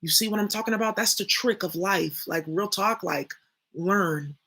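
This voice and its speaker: A woman's voice: mid-range voice, normal speed, fairly bright tone. A young woman, talking straight to her viewers in a blunt, profane, emphatic monologue. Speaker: spiritual reader and channel host. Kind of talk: casual spoken monologue.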